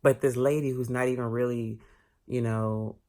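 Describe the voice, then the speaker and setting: A man vlogging a casual storytime, candid and expressive, swearing casually as he talks. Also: medium pitch, moderate pace.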